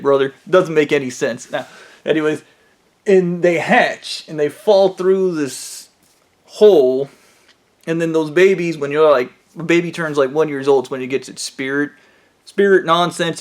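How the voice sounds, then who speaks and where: A man's voice: a little high, normal speed. A man telling a rambling story from his own life in a casual, profane way, with plenty of fillers. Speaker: vlogger.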